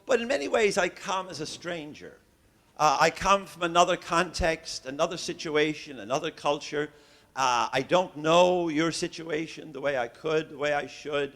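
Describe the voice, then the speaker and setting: An Irish man in the role of a visiting professor gives a lecture to a hall of religious educators. He is genial and likes to joke, and he often pauses with an "uh." His voice sits a little higher than most men's. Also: a bit bright. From Ireland. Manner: genial and joking, with frequent "uh" hesitations. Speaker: visiting professor giving a keynote.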